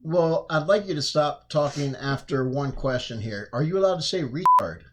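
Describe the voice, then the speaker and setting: A man's voice: fairly high pitch, expressive, moderate pace, heavy background noise. A man hosting a podcast, chatting casually in a crude, provocative, joking way. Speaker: podcast host.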